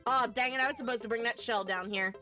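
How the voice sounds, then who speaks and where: A woman's voice: fairly high pitch, fast talker, sharp tone, faint music behind. A woman live-streaming a video game, chatting with her viewers and shrieking at close calls. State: tired after work.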